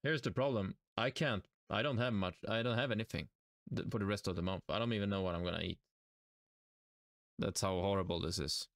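A young Swedish man with a Swedish accent streams a game live, talking to himself and his chat in an exasperated, self-mocking way. His voice is fairly low and gravelly, fairly quick, recorded dry with clean studio sound.

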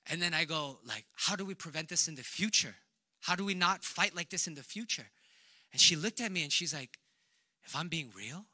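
A young man preaching a conversational sermon who acts out dialogue and drops to a hush on tender lines. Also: fairly high pitch, animated, fairly quick, no room sound. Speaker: pastor.

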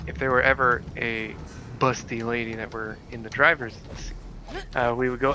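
A man's voice: medium pitch, flat delivery, normal speed. A man chatting casually while playing a video game, telling stories that ramble and restart. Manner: rambling storyteller, restarts often, laughs at his own stories. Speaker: gaming host. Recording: noisy voice chat recording.

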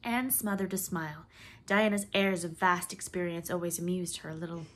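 A woman's voice: fairly low pitch, moderate pace. Woman reading a classic novel aloud. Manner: expressive, lilting reading with swelling emphasis. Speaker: audiobook reader.

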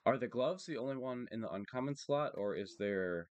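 A man streaming a card game tournament, calmly talking through the plays in a monotone, matter-of-fact way. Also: medium pitch, normal speed, no room sound. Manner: steady and matter-of-fact, thinking aloud about plays. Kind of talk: live card game commentary.

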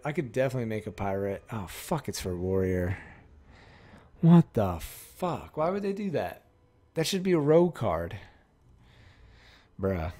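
A man with a fairly low voice talks casually through a card pack opening. He rambles, corrects himself mid-thought and swears freely. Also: darkish tone.

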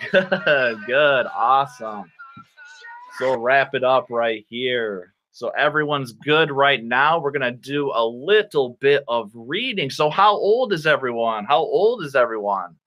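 A man's voice: medium pitch, expressive, slow pace, muffled recording. A man from Michigan teaching an online English class to children, playful and exaggerated, with silly sound effects. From Michigan, USA. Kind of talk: animated kids' online class.

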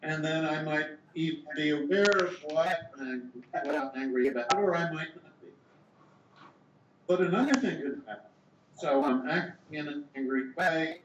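An older man with a slightly high voice gives a measured academic explanation, thinking aloud as he goes. The sound is dull and echoey, with steady hiss behind him. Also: recorded from a distance. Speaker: philosopher interviewee.

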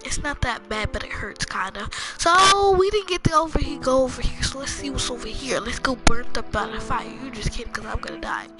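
Chatty young woman gaming, loud music. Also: lively intonation, brisk, hardly any pauses. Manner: chatty, rambling, talks low with sudden loud bursts. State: sore throat. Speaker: gamer. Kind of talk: casual game walkthrough commentary.

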